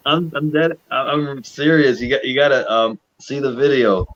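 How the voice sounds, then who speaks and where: A man's voice: mid-range voice, steady tone, fairly bright tone. Laughing man on muffled audio. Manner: laughs easily, quick to react. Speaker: stream host. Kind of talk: casual live-stream banter.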